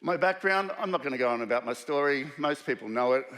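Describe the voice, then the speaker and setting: A man's voice: medium pitch, animated, quick pace, fairly bright tone. An Australian man in his fifties giving a conference keynote, telling self-deprecating stories in a loose, conversational way. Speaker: keynote speaker. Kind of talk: conference keynote with humorous anecdotes. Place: large conference hall. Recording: reverberant hall.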